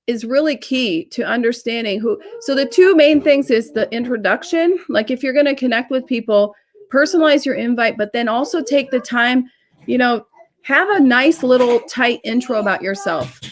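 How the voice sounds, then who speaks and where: A woman coaching on business networking in a casual live-stream chat over a video call, talking in quick asides full of fillers. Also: fairly high pitch, slight background noise.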